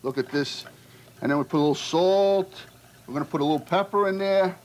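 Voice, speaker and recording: Cooking in a restaurant kitchen, a chef jokes and chats casually, frequently tacking "okay?" onto what he says. His voice sits on the high side and he speaks briskly, though the audio quality is poor.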